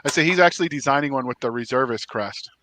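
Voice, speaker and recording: A man's voice: medium pitch, fast talker, sharp tone, slight background noise. A man co-hosting a podcast, chatting in an easygoing, joking way. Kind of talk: casual chat.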